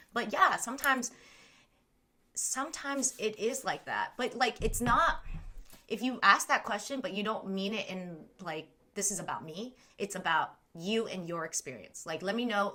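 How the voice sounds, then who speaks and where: A young woman from Southern California hosts a livestream, chatting casually, reacting to her chat, laughing often and saying "like" a lot. Her mid-range voice sounds pushed and bright.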